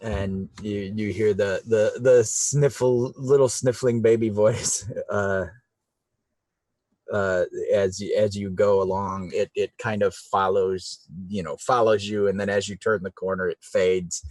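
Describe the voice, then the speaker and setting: A man narrating as game master of a tabletop game, halting and restarting as he describes scenes. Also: on the low side, steady tone, a little mellow, dry recording. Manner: slow, halting, many fillers and restarts.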